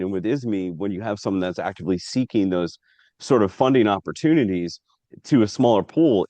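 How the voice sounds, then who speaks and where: A man hosting a casual interview over a video call, explaining things in a relaxed way with some filler. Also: sits low, no room sound, muffled recording. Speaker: host.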